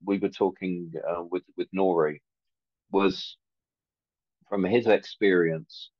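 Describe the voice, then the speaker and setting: Man, very deep voice, dry, slightly muffled lo-fi call sound, hesitant and earnest. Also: takes it slowly, gravelly, no echo. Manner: hesitant, many ums, earnest. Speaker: community participant. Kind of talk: reflective remarks on a video call. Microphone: video call.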